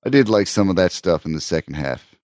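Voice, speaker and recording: A man co-hosting a casual podcast with a lowish voice. He gives short, relaxed opinions on comedy sketches. The recording is dry and close. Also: a little fast, no room sound. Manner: laid-back, brief remarks. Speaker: co-host.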